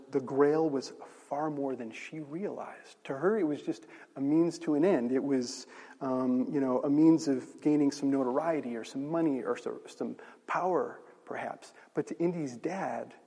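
A man's voice: medium pitch, vocal fry, dark tone, husky. A male pastor preaching a sermon, conversational and asking the audience rhetorical questions. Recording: long reverb of a large hall.

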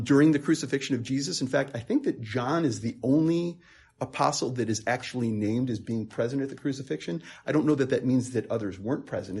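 A man's voice: medium pitch, darkish tone, husky. A man preaching a conversational sermon, earnest and emphatic, repeating words as he thinks aloud and rising into passionate peaks.

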